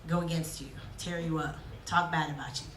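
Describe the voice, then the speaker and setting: A woman giving a lively, joking sermon to young people, acting out quotes as she goes. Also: deep voice, a little fast, distant mic, a little hiss or hum. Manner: lively, jokey, acts out quotes. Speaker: youth speaker. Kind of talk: youth sermon. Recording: echoey hall, speaker off-mic.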